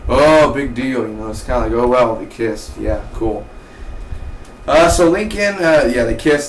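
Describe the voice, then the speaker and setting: Excitable man reviewing TV, roomy sound. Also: medium pitch, a little hiss or hum. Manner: excitable, slangy, breaks into mock voices. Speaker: TV show reviewer. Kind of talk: casual episode review. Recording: roomy, distant mic, faint ambience.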